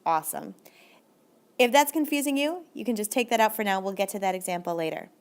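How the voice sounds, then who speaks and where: A woman teacher giving a recorded video lesson, upbeat and encouraging, slowing down and stretching out her Spanish examples. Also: medium pitch, animated, clean tone.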